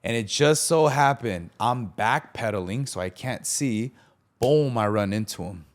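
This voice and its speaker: In a mid-range voice that runs a little slow, a young man on his podcast tells a personal story. He keeps it casual and slangy, heavy on fillers, and animatedly acts out what other people said.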